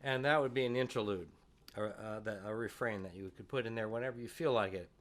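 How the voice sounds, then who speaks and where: A man's voice: on the low side, fast. A man teaching fiddle at a music workshop, explaining tunes in a folksy, chatty way.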